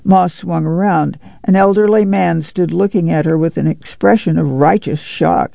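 Gravelly man reading a novel. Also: fairly high pitch, warm tone, no echo, muffled recording. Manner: measured, unhurried storytelling. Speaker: audiobook narrator. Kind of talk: scripted novel narration.

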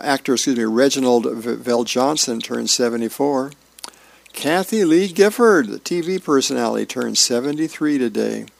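Gravelly, relaxed volunteer radio reader. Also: male voice, medium pitch, dry recording. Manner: relaxed, folksy reading with small slips and self-corrections. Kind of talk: reading newspaper comics and birthdays aloud.

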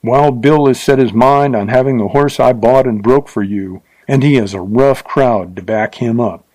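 A man voicing a bold young Texan horseman who talks in a mocking, brisk way. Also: medium pitch, darkish tone, lightly acted, low-quality recording.

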